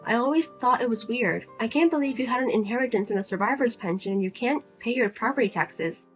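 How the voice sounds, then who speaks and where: A woman's voice: a little high, fairly quick, faint music behind, pitched below the performer's own voice, natural voice. A woman voicing a single adult daughter who speaks bluntly and coldly to her mother. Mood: firm, exasperated. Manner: blunt, cold, lecturing.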